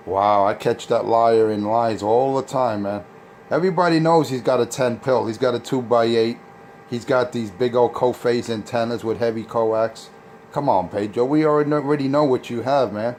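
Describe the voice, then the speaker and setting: A man's voice: mid-range voice, darkish tone, slight background noise. Man trash-talking over CB radio. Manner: boastful, taunting and insulting. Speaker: CB radio operator.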